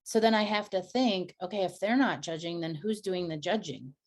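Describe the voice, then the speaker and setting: Earnest storytelling woman, lowish voice. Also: moderate pace. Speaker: podcast co-host. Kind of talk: candid personal conversation.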